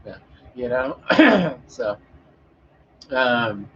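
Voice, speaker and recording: A man talks loosely and off the cuff to his audience, wandering between jokes and half-finished thoughts, with plenty of fillers and cursing. His voice sits mid-range in pitch. The sound is slightly dull and lo-fi, with a faint hiss of noise behind it. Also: sing-song, extremely slow, a bit bright. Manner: rambling, joking, with frequent swearing and fillers. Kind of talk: casual chat with an audience.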